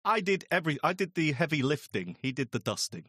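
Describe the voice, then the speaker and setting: Animated, teasing male co-host. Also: a little high, husky, no echo, studio quality. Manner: teasing, quick banter. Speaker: podcast co-host. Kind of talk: casual chat.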